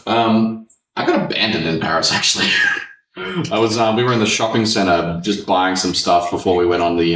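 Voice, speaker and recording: A man's voice: low-pitched, a bit bright. A man hosting a podcast, telling stories casually with plenty of swearing. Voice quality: swears freely, laid-back storytelling. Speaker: podcast host. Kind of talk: casual chat. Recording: echoey room, distant mic.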